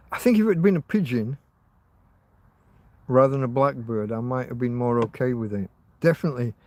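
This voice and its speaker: Guy rambling on his livestream, mid pitch, keeps restarting and chatting to viewers. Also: dry recording. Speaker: livestream host. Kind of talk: casual rambling livestream chat.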